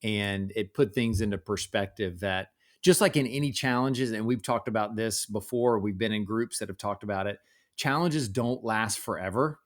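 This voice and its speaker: A man in his forties, a podcast guest, telling relaxed family stories in casual conversation with frequent restarts. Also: lowish voice, moderate pace.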